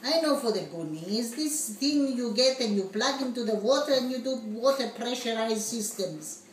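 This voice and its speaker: A woman's voice on the high side, at a moderate pace and lightly acted, plays a flustered migrant being interviewed by immigration in a comedy sketch. She's excitable and giggly, mangling words in broken English, captured with a distant mic, roomy echo, and faint noise.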